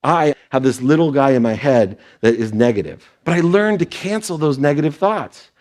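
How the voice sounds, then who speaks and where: A man's voice: mid-range voice, expressive, normal speed, a little mellow. A man with a mid-range voice gives a motivational talk on stage before an audience. He tells personal stories and briefly slips into other people's voices when he quotes them. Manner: storytelling, quoting others in brief put-on voices. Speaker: speaker.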